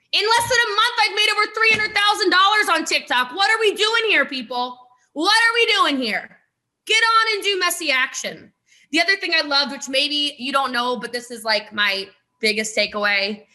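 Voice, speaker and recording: A woman with a high, bright voice talks fast and with emphasis, pushing her point hard on a video call. She often breaks into laughing asides as she speaks to her listeners in a network marketing talk. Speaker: network marketing top recruiter.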